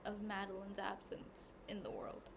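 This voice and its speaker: A woman podcast host telling a personal story in a candid, rambling way, with lots of "like", at times hushed and at times loud. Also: mid-range voice, big pitch swings, moderate pace, creaky. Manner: rambling and candid, heavy use of "like", swings between hushed and loud. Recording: noisy background hiss.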